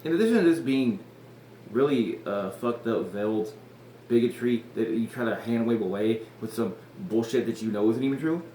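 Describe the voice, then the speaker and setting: A man's voice: mid-range voice, moderate pace, dark tone. A man hosting a podcast, recapping an episode in casual chat, rambling, swearing and laughing often. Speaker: podcast host. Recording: echoey room with faint noise.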